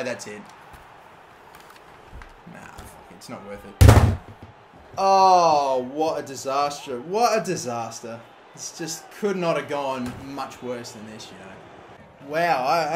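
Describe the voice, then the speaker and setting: A man giving live gameplay commentary, excitable and swearing often, with loud outbursts at the game. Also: mid-range voice, a little hiss or hum. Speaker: gaming YouTuber.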